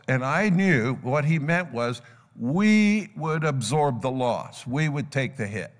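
A man's voice: mid-range voice, expressive, slow pace. An older man preaching a sermon, telling a parable and acting out its characters' voices. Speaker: pastor. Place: church sanctuary. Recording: long church hall reverb. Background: live congregation.

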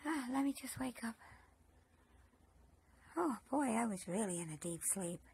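A woman's voice: on the high side, expressive, unhurried, darkish tone, slight background noise. Woman doing a groggy, just-woken friend. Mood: drowsy. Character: drowsy friend just woken from deep sleep.

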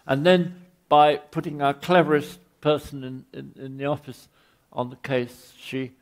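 An older Englishman lectures on architecture in a wry, meandering way, tripping over his own words as he goes. His voice is gravelly and sits a little high for a man. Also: fairly even intonation, measured pace. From England. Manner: rambling, wry, with frequent restarts. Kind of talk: anecdotal public lecture.

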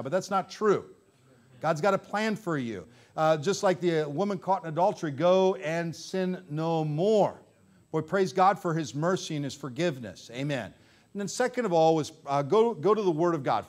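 A pastor preaching a sermon with fervor, repeating phrases for emphasis before his congregation. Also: on the high side. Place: church sanctuary.

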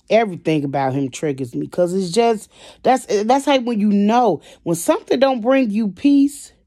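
Emotional woman vlogger who vents straight to camera; mid-pitched and dry, with sudden swings between hushed and loud. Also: no echo. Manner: emotional, repeats "y'all" constantly. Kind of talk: venting to camera.

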